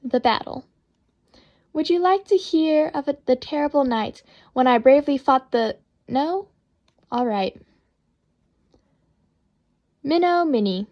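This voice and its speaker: A woman reading children's poems aloud in a playful, expressive, sing-song way. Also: sits high, takes it slowly, pauses often, muffled recording.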